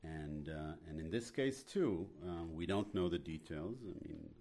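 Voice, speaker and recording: A man speaking as a podcast guest, in a hesitant and measured way, with many pauses and fillers. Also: sits low, dark tone, a little hiss or hum. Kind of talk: casual podcast chat.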